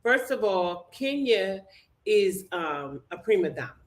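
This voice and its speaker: A woman's voice: mid-range voice, sing-song, unhurried. A woman co-hosting a casual live review chat as the host's mother, giving firm, plainspoken opinions.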